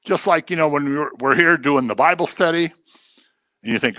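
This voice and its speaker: A middle-aged man leading an informal Bible study, talking casually, repeating phrases for emphasis and mimicking other people's voices in a low, mocking tone. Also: moderate pace, bright, forceful tone, no room sound.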